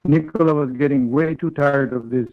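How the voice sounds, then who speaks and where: A man reading a third-person story aloud in a flat, read-aloud way as a call partner. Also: fairly high pitch, moderate pace. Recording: tinny online call audio.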